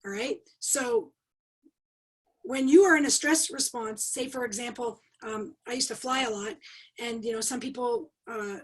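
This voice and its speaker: Middle-aged female coach, high voice with a husky edge, emphatic webinar teacher. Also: measured pace, rough recording. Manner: animated, emphatic teacher with rhetorical questions. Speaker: leadership coach and trainer. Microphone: video call.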